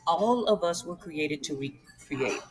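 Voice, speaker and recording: A woman's voice: sits low, animated, slow pace, rough recording. Earnest woman sharing a heartfelt story. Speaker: podcast co-host. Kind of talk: casual panel chat.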